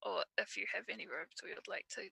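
A woman's voice: mid-range voice, fast, vocal fry, bright, forceful tone, breathy edge, no echo, full character voice. A woman voicing a proud female warrior nun in a tabletop game, declaring her order with grand formality. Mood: polite.

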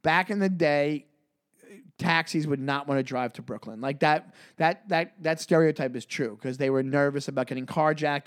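A man, co-hosting a podcast and telling a story in casual chat, acting out the people he quotes. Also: a little high. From New York. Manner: animated, acts out quoted voices loudly. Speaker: podcast co-host.

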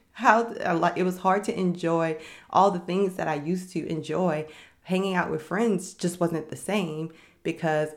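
A woman's voice: on the low side, steady tone, a little slow. A young adult woman hosting a faith-based podcast, speaking candidly and reflectively about her own experience. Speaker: podcast host. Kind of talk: faith-based personal talk.

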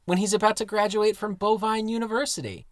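A man's voice: high-pitched, fairly even intonation, brisk, no echo. A man co-hosting a podcast, making crude, playful jokes in casual chat. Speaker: podcast co-host.

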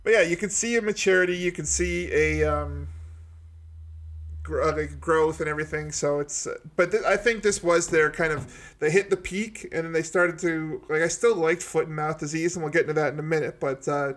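A man's voice: fairly high pitch, normal speed, fairly bright tone. A man co-hosting a music podcast, talking casually with many likes and restarts. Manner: rambling, lots of fillers and restarts. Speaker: podcast co-host. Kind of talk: casual chat.

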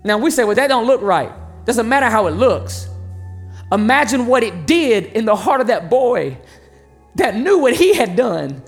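A preacher delivers a sermon in a casual, emphatic voice at a medium pitch. The talk moves quickly and swings between loud outbursts and quiet asides. Soft music plays faintly underneath. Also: very animated, vocal fry. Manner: conversational and emphatic, with sudden swings in volume.

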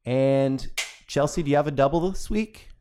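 A man hosting a casual podcast chat, leading the segments with quick jokes and asides. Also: medium pitch, warm tone, a little hiss or hum. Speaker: podcast host.

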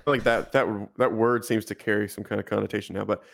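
A young man with a low, gravelly voice that drops into vocal fry. He co-hosts a podcast in a relaxed, rambling style, laughing easily as he talks. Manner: laid-back, rambling, quick to laugh. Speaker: podcast co-host. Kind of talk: casual chat.

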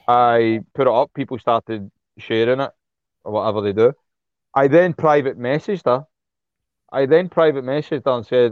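A man's voice: mid-range voice, moderate pace, no room sound, phone-quality sound. A man, speaking bluntly and heatedly as an interview guest, swearing freely and repeating himself when worked up. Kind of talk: impassioned casual interview talk.

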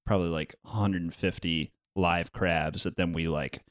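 A man's voice: sits low, steady tone, moderate pace, no echo, clean studio sound. A man co-hosting a podcast, telling a rambling story in casual chat. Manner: laid-back, rambling storyteller. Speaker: podcast co-host.

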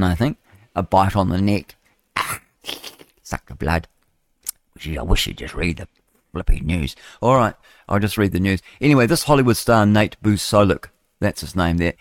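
A man's voice: on the low side, no room sound, clean studio sound. An older man hosting live radio, reading the news with chatty, rambling asides. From New Zealand. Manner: chatty, digressive, chuckling asides. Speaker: radio host.

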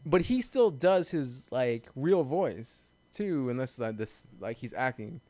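A man's voice: medium pitch, sing-song, takes it slowly, a little mellow, no echo. A man co-hosting a casual podcast chat, loose and profane, laughing often as he talks. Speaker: podcast co-host.

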